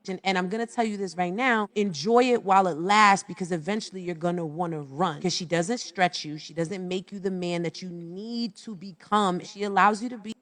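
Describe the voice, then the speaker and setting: A woman's voice: fairly low pitch, a little fast, hardly any pauses, a bit bright. A woman speaking directly to the viewer in a clip, giving advice in a lecturing way. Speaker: woman in a reacted-to video clip. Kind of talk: advice monologue.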